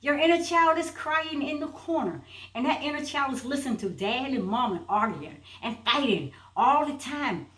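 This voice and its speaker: A woman's voice: high-pitched, animated, normal speed, fairly bright tone, recorded from a distance. Emphatic woman in an echoey room. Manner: emphatic, repeating phrases for force. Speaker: self-help speaker. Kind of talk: motivational video message.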